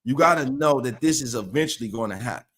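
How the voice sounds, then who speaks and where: A man's voice: mid-range voice, lively intonation, quick pace, fairly bright tone, slightly rough. A man in casual conversation, explaining dog training earnestly and often repeating words as he searches for them.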